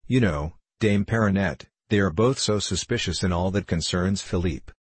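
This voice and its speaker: A man's voice: low-pitched, normal speed, breathy edge, no room sound. A man reading an audiobook voices an anxious old nobleman who tutors a boy, with fretful, agitated pleading.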